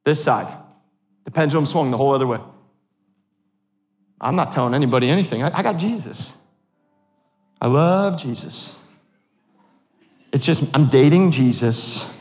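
A man in his thirties, a pastor preaching a sermon in a church, animated and self-deprecating, often laughing at himself. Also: medium pitch, moderate pace, long pauses, faint music behind. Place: church sanctuary. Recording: long hall reverb.

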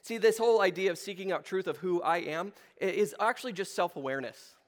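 A man's voice: high voice, quick pace. A middle-aged male pastor giving a conversational sermon, asking the room questions and acting out short quotes. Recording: long hall reverb.

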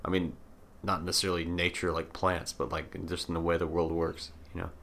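Young male co-host, very deep and forceful, reflective explainer. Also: flat delivery, a little fast, slight background noise. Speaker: podcast co-host. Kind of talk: casual conversation.

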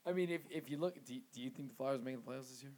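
Dude talking sports, keeps stammering and restarting, regular mid voice. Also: male voice, medium pitch, racing, a little mellow. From Philadelphia. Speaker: podcast co-host. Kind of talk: casual chat.

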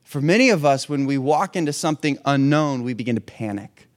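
A man's voice: mid-range voice, lively intonation, fairly quick. A man preaching a sermon in a conversational way, asking rhetorical questions and restarting his phrases. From hurricane-prone region. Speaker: pastor.

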